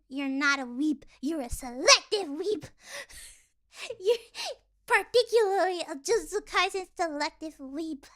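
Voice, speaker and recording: A young woman streaming casually, rambling with lots of fillers and sometimes dropping into sighs and soft whispers. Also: very high voice, measured pace. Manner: rambling, filler-heavy, animated ranting; drops to sighs and soft whispers between points. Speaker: vtuber streamer.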